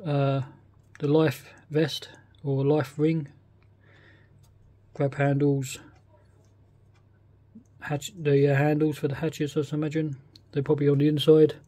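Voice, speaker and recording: A man's voice: fairly high pitch, monotone, takes it slowly, pauses often, mellow, dry recording. A man with a British accent, casually talking through a model kit unboxing, often hesitant and thinking aloud. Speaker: scale model kit reviewer.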